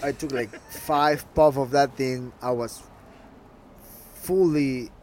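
A man's voice: mid-range voice, fairly even intonation, takes it slowly, a little mellow, a little hiss or hum. Ecuadorian-born man telling stories. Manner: rambling anecdotes with frequent swearing. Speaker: podcast co-host. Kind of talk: casual chat.

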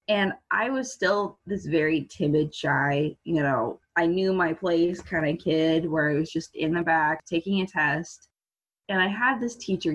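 A teenage girl telling a funny school story as a podcast guest, animated and laughing as she talks. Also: on the low side, husky. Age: teens. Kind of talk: casual storytelling. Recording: muffled lo-fi audio.

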